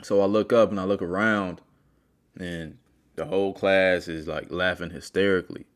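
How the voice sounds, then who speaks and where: A man's voice: sits low, fairly even intonation, normal speed. A man hosting a self-help video, speaking earnestly and straight to the viewer as he tells a personal story in a motivational monologue.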